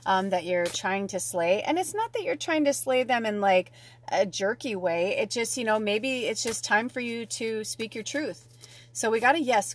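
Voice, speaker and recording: A woman giving a casual spiritual card reading, chatty and gushing, thinking aloud and swearing now and then. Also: medium pitch. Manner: thinks aloud, with many fillers and restarts. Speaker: tarot and oracle card reader.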